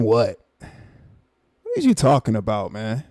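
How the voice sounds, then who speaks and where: A man with a gravelly, mellow voice reacts on a live stream, repeating himself in exasperated disbelief. His sound is dry and close, with no room around it. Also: medium pitch, a little slow, pauses often, dry recording. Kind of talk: casual reaction commentary.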